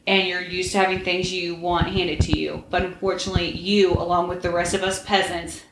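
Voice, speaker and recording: A woman's voice: fairly low pitch, flat delivery, fairly quick, background noise, close to an everyday voice. A woman voicing a dry, lecturing young wizard man who keeps his friend in line, in a roomy room.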